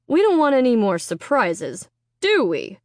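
A woman voicing a practical, level-headed father who speaks in a calm, matter-of-fact way. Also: a little high, unhurried, no room sound, studio quality.

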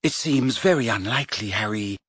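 A brainy teenage girl, as a man puts her on, clipped and reproving. her voice is lifted a little in pitch, but husky and dry. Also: animated, a little fast, fairly bright tone, dry recording, exaggerated voice. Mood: impatient. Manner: impatient, reproving. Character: clever, impatient teenage girl.

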